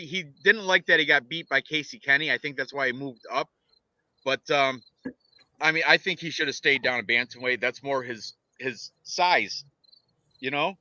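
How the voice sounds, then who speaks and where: Bright-voiced man rambling about fights. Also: on the high side, no room sound, lo-fi sound. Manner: rambling, excitable, lots of restarts. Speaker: podcast co-host and fight picker. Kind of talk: casual fight-picks chat.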